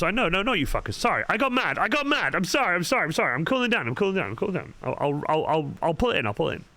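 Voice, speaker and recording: A man's voice: fairly high pitch, pushed and bright, no echo. A young man chatting casually on a livestream while he paints, swearing constantly and muttering asides as he works. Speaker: cosplay livestreamer. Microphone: studio microphone. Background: faint background music.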